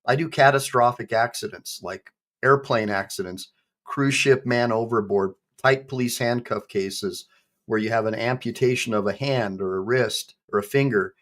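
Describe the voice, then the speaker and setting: A man's voice: medium pitch, moderate pace, a bit bright. A man, an attorney, talking conversationally to his viewers in a reaction video. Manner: conversational, with frequent ums and you-knows. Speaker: attorney, channel host.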